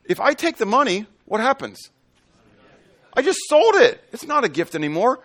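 A man's voice: very high-pitched, moderate pace. A man preaching a sermon, quizzing the congregation and acting out little scenes to explain his point. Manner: animated, asks the room questions and acts out little scenes. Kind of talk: sermon teaching with questions to the congregation.

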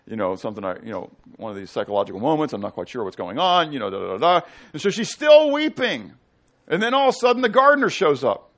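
A man preaching to his congregation in a lively, animated voice that climbs high and drops low. He keeps putting questions to his listeners and moves from loud bursts to hushed, quiet lines. His voice sits a little higher than most men's. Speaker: pastor. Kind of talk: sermon.

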